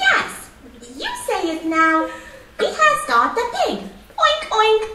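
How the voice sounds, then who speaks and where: A woman's voice: extremely high pitch, huge pitch swings, measured pace, full character voice. Ziggy, a woman doing a perky cartoon kid. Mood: cheerful. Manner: bouncy, sing-song, coaxing. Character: cheerful cartoon kid teaching English. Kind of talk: children's cartoon English lesson. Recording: played on speakers, echoey room from far off, loud noise.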